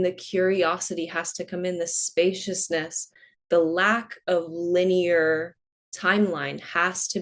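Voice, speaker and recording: A woman speaking as a podcast guest in a reflective conversation, unhurried and earnest, often using "like" as a filler. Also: lowish voice. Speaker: podcast guest, holistic coach.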